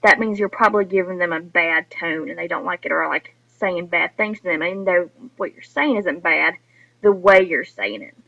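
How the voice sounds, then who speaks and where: A woman's voice: on the low side, normal speed, gravelly, bright, forceful tone. A woman teacher giving a recorded lesson to her students, explaining patiently and speaking to them directly. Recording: dull lo-fi recording.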